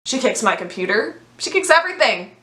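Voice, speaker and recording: Animated young woman telling a wild story. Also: a little high, brisk. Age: young adult. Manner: animated, profane, dramatic storytelling. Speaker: vlogger. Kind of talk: storytime vlog. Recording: echoey room.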